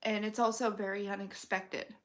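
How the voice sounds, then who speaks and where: A woman giving a casual intuitive reading, talking in a slow, rambling way with many fillers. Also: medium pitch, flat delivery, a bit bright. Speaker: intuitive reader. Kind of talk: casual spoken tarot-style reading.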